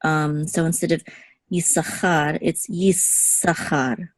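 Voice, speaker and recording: A woman's voice: sits low, moderate pace, a little mellow, no room sound. A woman teaching Hebrew reading one-on-one, patiently explaining each letter and vowel and checking in with her student. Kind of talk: one-on-one lesson.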